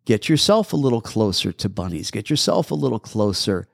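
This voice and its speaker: A man's voice: on the low side, very animated, brisk, creaky, no echo, clean studio sound. A man hosting a call-in pet podcast, answering listener questions about dog training with practical, step-by-step advice that he repeats patiently. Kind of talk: call-in radio show Q&A.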